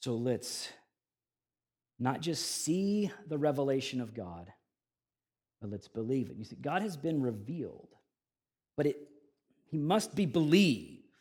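A man preaching a sermon, his voice swelling loud on key phrases and dropping soft between them. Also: mid-range voice, very animated, unhurried, pauses often, breathy edge. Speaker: pastor.

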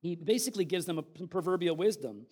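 A man giving an animated, conversational sermon, reading Bible passages with dramatic emphasis. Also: sits high, quick pace. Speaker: preacher.

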